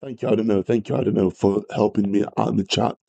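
A man's voice: fairly low pitch, fairly even intonation, quick pace, gravelly, warm tone, highs cut off. A man teaching a live maths revision lesson, greeting viewers and apologising often as he works through problems. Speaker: maths tutor.

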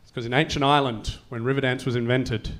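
A man's voice: mid-range voice, fairly even intonation, quick pace, very noisy. A man doing a stand-up comedy set, rambling and self-mocking with stumbling restarts.

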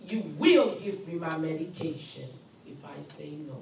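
A woman's voice: low-pitched, animated, measured pace, creaky, a little mellow, a little hiss or hum. A woman nursing instructor lecturing a class, speaking emphatically and repeating key points while acting as the patient in the first person. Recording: roomy, far from mic, faint ambience.

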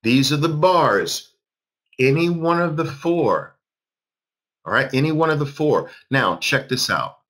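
A man's voice: fairly high pitch, lively intonation, a little slow, fairly bright tone. A man in his fifties teaching a live trading class, emphatic, repeating phrases and quizzing his audience. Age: 50s. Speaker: trading instructor.

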